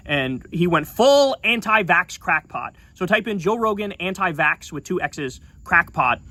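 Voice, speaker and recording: A man's voice: a little high, sharp tone. A man giving heated, sarcastic and profane political commentary in a video.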